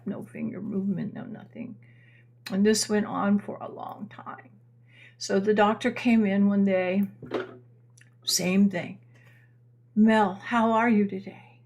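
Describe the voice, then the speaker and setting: A woman's voice: mid-range voice, darkish tone. An older woman hosting an astrology live stream, telling a long story in a chatty, meandering way with many restarts and answering viewer comments. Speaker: astrology channel host.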